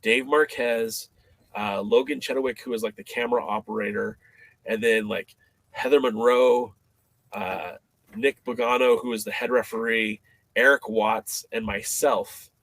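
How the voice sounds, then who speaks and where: A man as a podcast guest, telling a story in a casual, animated way, with many fillers and restarts. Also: mid-range voice, a little slow, dry recording.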